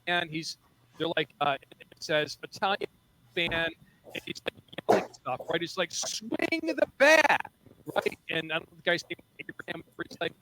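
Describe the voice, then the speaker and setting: A man's voice: on the high side, fairly even intonation, normal speed, noisy background. A male comedian guest in casual podcast chat, rambling and repeating himself as he talks. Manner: loose, rambling, repeats words.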